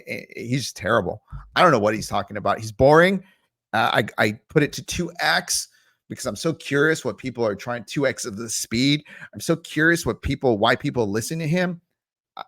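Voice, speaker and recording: A man's voice: medium pitch, a bit bright, no room sound, clean studio sound. A man ranting bluntly and profanely to camera as a crypto video host, mocking other creators. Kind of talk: casual ranting commentary to camera.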